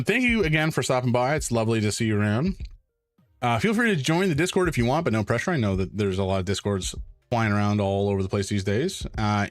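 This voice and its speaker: A man's voice: mid-range voice, dry recording. Chatty, wry male game streamer. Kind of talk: live game commentary.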